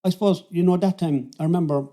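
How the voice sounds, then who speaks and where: An older Irish man from Cork talks in a rambling, friendly way, often restarting his sentences. His voice is mellow and rather high for a man. He sounds like a guest chatting on a podcast. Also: fast. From Ireland. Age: 70s. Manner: rambling, self-interrupting, friendly. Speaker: podcast guest, fitness coach. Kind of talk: casual interview storytelling.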